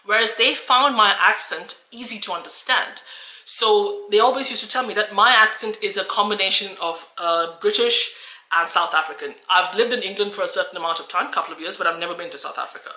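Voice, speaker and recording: A woman's voice: mid-range voice, fairly quick, bright, forceful tone, roomy sound, rough recording. A woman from Australia who coaches English, talking earnestly and encouragingly to camera with frequent restarts. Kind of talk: talking-head video.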